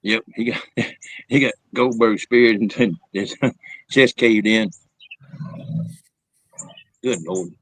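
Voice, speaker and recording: A man's voice: fairly low pitch, takes it slowly, long pauses, breathy edge, dry recording, poor audio. A man hosting a casual chat, rambling and laughing often as he tells stories. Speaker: show host.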